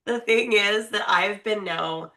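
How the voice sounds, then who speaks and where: A woman's voice: mid-range voice, slow, bright, forceful tone. A woman in her thirties co-hosting a podcast, chatting casually and playfully, laughing often. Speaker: podcast co-host. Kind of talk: casual chat.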